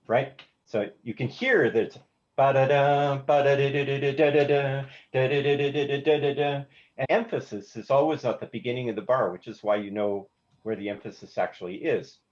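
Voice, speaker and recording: Speaking fairly quickly with a lowish voice and lively intonation, a songwriting teacher walks a class through note values. He's hesitant, keeps restarting words, and sings the rhythms on "da" as a live demonstration; the recording is lo-fi and slightly dull, with faint instrument playback.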